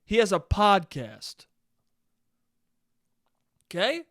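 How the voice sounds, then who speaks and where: A man's voice: high voice, wildly swooping pitch, very slow, fairly bright tone, dry recording, studio quality. A young man hosting a solo podcast, rambling and joking with lots of swearing. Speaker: podcast host. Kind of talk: solo casual podcast rant.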